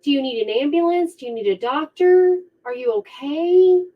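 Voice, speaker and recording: A woman voicing gentle, coddling police officers who ask soothing questions, on a dull lo-fi recording. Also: high voice, lively intonation, normal speed, pitched above the performer's own voice. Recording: dull lo-fi sound.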